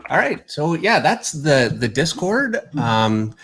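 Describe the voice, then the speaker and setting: A man's voice: fairly high pitch, big pitch swings, slow, a bit bright, a little hiss or hum. A Canadian man hosting a drawing livestream, chatty and easygoing. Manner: chatty, laughs easily. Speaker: artist and host. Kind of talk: casual livestream chat.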